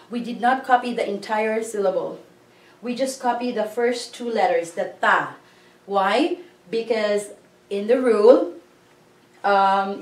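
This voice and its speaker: A woman teaching a language lesson, patiently breaking words into syllables and repeating them. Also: fairly high pitch. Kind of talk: slow classroom-style grammar lesson. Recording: echoey room, voice a bit far from the mic.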